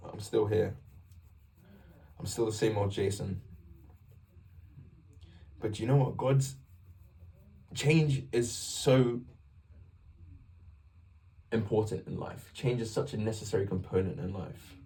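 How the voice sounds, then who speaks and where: The young Englishman speaks slowly here, with frequent pauses, in a lowish, breathy voice picked up from far away. His faith vlog stays casual and rambling, animated yet full of self-interruptions and restarted sentences.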